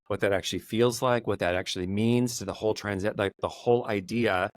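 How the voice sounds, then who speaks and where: A man's voice: fairly low pitch, fairly even intonation, fairly quick, no echo. A man hosting a podcast, chatting casually and animatedly in long run-on thoughts. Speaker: podcast host. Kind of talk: casual chat.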